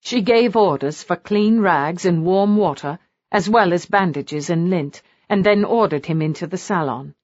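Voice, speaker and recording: A woman narrating a historical romance audiobook in an expressive, animated reading style. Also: fairly low pitch, measured pace, no echo, dull audio.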